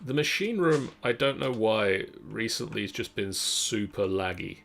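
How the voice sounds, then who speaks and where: A young man streaming a game, chatting casually with his co-player and with his viewers in an unhurried way. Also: on the low side, animated, creaky, fairly bright tone. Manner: unhurried, talks to chat. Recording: faint keyboard clicks behind.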